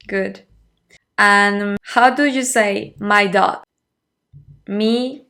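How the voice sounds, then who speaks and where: A woman's voice: medium pitch, drawn-out words, vocal fry, long pauses, sharp tone. A woman teaching a Spanish lesson online, patiently repeating phrases for a learner and praising each answer.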